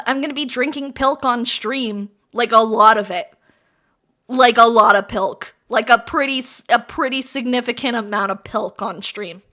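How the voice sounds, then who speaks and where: A woman's voice: on the high side, sharp tone. A woman streamer chatting casually with her viewers while building model kits, playful and giggly, with frequent swearing. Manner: giggly, profane, playful banter with chat.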